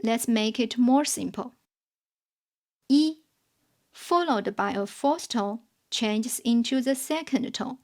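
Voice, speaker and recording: A woman with a fairly high voice reads a beginner lesson. She explains each rule slowly, pausing between examples. Her delivery stays measured and carefully enunciated. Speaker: language teacher. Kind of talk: slow scripted lesson narration.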